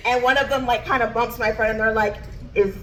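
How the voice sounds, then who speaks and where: A woman's voice: a little high, fairly even intonation, fast, fairly bright tone, a little hiss or hum. A woman comedian telling a standup story, bubbly and laughing as she goes.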